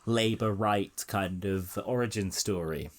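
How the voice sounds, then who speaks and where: A man's voice: lowish voice, measured pace. A man hosting a casual political chat, sardonic and swearing freely. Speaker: podcast host.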